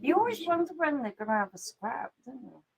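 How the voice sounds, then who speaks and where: A woman co-hosting a casual live stream from home, relaxed, making dry remarks. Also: high voice, a little fast, gravelly, slight background noise, low-quality recording. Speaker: co-host. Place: home sitting room.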